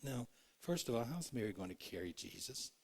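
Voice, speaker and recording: A man preaching a sermon in a church, earnest, moving between loud and hushed, acting out the quotes he tells. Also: mid-range voice, very animated, a little fast. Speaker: pastor. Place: church sanctuary.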